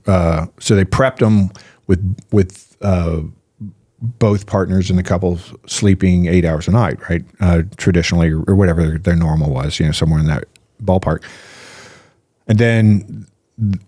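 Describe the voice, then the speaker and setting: Male physician guest, low voice, animated explainer full of rhetorical questions, dry close recording. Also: dry recording. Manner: animated, piles up rhetorical questions and "right?" tags. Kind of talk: casual podcast explanation.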